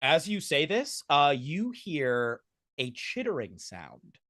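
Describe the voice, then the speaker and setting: A man's voice: on the high side, huge pitch swings, slow, fairly bright tone, no echo, clean studio sound. A man narrating a tabletop game as game master, rambling with restarts. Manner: rambling, full of fillers and restarts.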